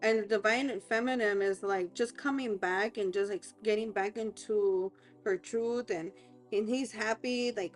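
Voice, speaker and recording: A woman reading tarot cards aloud as a life coach, talking in a hesitant, halting way with many fillers and restarts. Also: mid-range voice, fairly even intonation, faint music behind.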